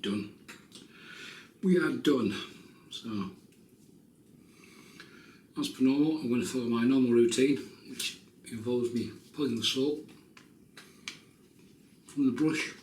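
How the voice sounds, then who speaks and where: A man's voice: medium pitch, slow pace, pauses often, darkish tone, recorded from a distance. A man in his fifties, chatting casually and joking at himself while he shaves at home. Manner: chatty, joking, self-mocking asides. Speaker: shaving vlogger. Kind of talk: casual chat while shaving. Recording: roomy, off-mic, faint noise.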